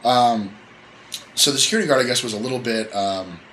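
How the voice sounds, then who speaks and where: A man's voice: mid-range voice, fast talker, pushed and bright, a little hiss or hum, rough recording. A man hosting a casual podcast chat, telling a story in a rambling, joking way and correcting himself as he goes. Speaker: podcast host.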